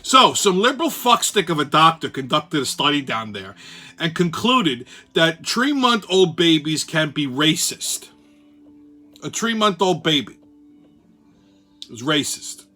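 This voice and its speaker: Brash Brooklyn conductor-host, mocking and profane, bright and a bit high, as a man puts it on. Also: sing-song, unhurried, faint music behind, full character voice. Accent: put-on Brooklyn. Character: loud Brooklyn male train conductor-host.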